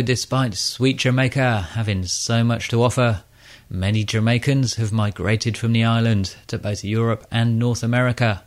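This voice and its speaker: A man presenting a radio show, reading scripted narration in a measured, informative storytelling manner. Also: medium pitch.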